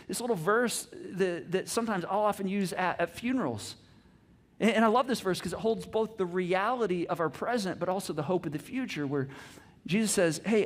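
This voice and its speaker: A male pastor giving a sermon in a conversational, earnest way, often restarting his sentences. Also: sits high. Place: church.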